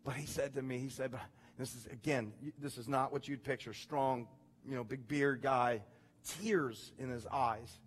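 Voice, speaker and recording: A man preaching a sermon in a church, moving from hushed, quiet storytelling to loud, rising preaching and prayer. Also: medium pitch, steady tone, a little slow, breathy edge. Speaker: pastor. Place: church sanctuary.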